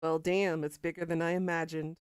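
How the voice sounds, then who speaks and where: A woman's voice: low voice, flat delivery, a little fast, smooth, dry recording, clean studio sound. A woman streamer in casual live-stream chat, playful and bawdy, reading out chat quotes and laughing along. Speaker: game streamer.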